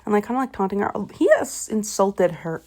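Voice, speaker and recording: A woman's voice: medium pitch, a little fast, a little mellow. A young woman retelling a book in a casual, rambling way, swearing freely and often correcting herself. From Canada. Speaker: vlogger.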